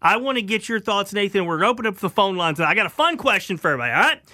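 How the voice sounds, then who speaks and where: A man's voice: sits high, big pitch swings, rapid-fire, bright, forceful tone, no room sound, studio quality. A man hosting a sports talk radio show, chatting animatedly and laughing easily as he asks questions.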